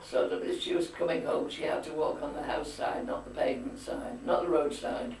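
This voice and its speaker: Low, gravelly and darkish, this elderly woman's voice moves fairly quickly as she's interviewed about family memories. She tells her stories chattily and holds firm opinions. A far-off camcorder mic captures echoey room sound and slight background noise.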